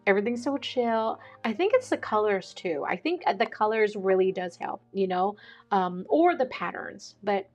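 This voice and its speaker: A woman, chatting casually as a vlogger, excitable and quick to laugh. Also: mid-range voice. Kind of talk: casual chat.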